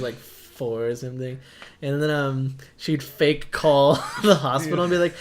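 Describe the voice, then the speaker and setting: A man's voice: on the high side, normal speed. A young man co-hosting a podcast, telling a funny childhood story in casual chat and mimicking the voices in it. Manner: lively, laughing, mimics voices. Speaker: podcast co-host.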